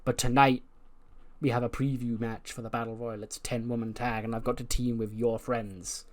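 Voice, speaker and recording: Teasing flirty female wrestler voiced by a man, confident, mid pitch. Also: little pitch movement, normal speed, lightly acted.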